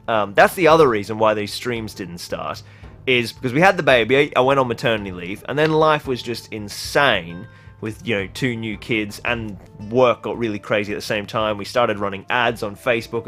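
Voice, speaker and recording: Reading chat aloud on a relaxed livestream, a young man from Australia talks in a somewhat bright, mid-pitched voice. His delivery wanders, with frequent laughter and lots of filler words.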